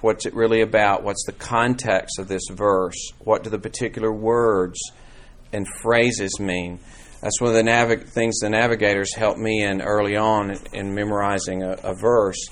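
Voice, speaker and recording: Low-voiced man teaching a Bible class. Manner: conversational, rambling with restarts and fillers. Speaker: church teacher. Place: church classroom.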